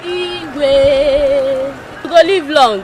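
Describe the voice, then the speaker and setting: A woman's voice: a little high, sing-song, moderate pace, loud music behind the voice, low-quality recording. A woman playing a royal wife who speaks to the king in a placating, deferential way with a Nigerian accent. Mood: soothing. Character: soothing royal wife, queen. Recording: outdoors with crowd and noise.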